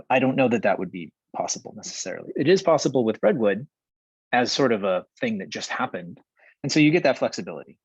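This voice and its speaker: Husky man on a dull, dry line. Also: on the low side, no room sound. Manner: emphatic, rambling with many "like"s. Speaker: co-founder on a panel. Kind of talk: casual panel talk.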